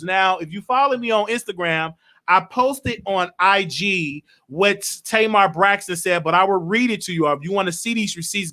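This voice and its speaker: Young guy in his late 20s doing gossip talk, high and bright voice, all over the place and emotional. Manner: emotional, rambling, animated. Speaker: show host. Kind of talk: casual gossip commentary.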